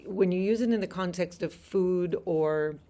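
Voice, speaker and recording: A woman's voice: on the low side, normal speed, dark tone. A woman teaching a Greek lesson on a live stream from a house deck outdoors. She explains things patiently and laughs easily.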